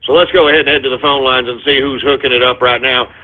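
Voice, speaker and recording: A man's voice: mid-range voice, steady tone, fast talker. A man hosting a call-in radio show, agitated and swearing, a little out of breath. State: winded. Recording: phone-like narrow audio.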